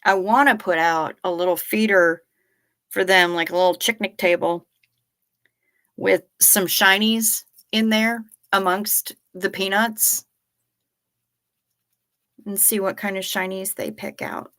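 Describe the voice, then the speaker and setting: A woman's voice: medium pitch, fairly even intonation, takes it slowly, long pauses, a bit bright. A woman hosting a live stream, chatting casually in a joking, profane way while reading viewer comments. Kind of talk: casual chat.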